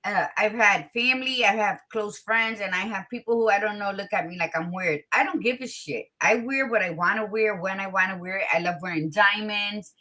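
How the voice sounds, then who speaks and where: A woman hosting a casual talk show, blunt and expressive, with a tired morning voice, dropping in Spanish greetings. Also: mid-range voice, fairly quick, few pauses. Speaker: podcast host. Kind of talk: casual chat.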